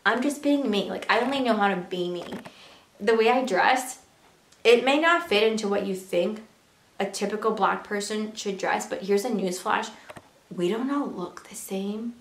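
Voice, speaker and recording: A woman's voice: medium pitch, normal speed, a little hiss or hum. Earnest young woman vlogging in echoey room. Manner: earnest, animated, rhetorical questions. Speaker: beauty and lifestyle vlogger. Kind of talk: casual talk to camera.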